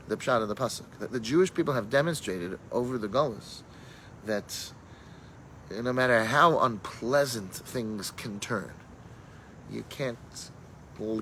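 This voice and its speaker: A man's voice: fairly low pitch, fairly bright tone, slight background noise, low-quality recording. A man, a rabbi, teaching a casual Torah class and telling stories sprinkled with Hebrew and Yiddish terms, thinking aloud as he goes. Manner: thinks aloud with fillers and restarts.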